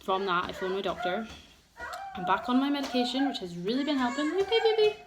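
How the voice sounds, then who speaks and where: A young woman with a fairly high, lively voice vlogs a candid get-ready-with-me chat, talking fairly quickly. She's open and emotional, rambling with plenty of fillers, in a room at home with children around and a noisy household behind her.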